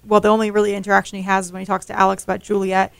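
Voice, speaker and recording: A woman's voice: medium pitch, completely flat delivery, racing, creaky, clean tone, no room sound. A woman in a casual podcast chat, retelling scenes with frequent laughter.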